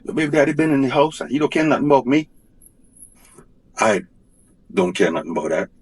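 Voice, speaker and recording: A man's voice: mid-range voice, very animated, a little fast, breathy edge. A man talking about his divorce in a rambling, colloquial, insistent way. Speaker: husband in a divorce dispute. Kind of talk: casual rambling talk.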